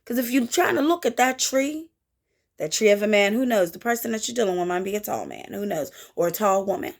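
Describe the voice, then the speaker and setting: A woman giving a casual tarot reading to her viewers in an animated, playful manner, with folksy asides and little sung sound effects. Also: mid-range voice, brisk. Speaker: tarot reader.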